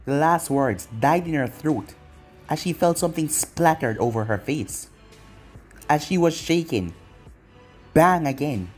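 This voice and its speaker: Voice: measured pace, long pauses, faint music behind. A narrator reading fan fiction aloud in plain storytelling fashion. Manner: plain storytelling with lively pitch.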